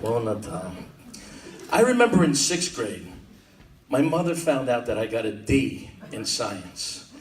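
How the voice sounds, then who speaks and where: A man's voice: mid-range voice, sing-song, measured pace, slight background noise. A man doing a stand-up comedy set as a wisecracking storyteller, on a comedy club stage with audience laughter behind him. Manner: wisecracking storyteller, mock-tough Italian-American bits. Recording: roomy club audio from a distance. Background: audience laughter and club ambience.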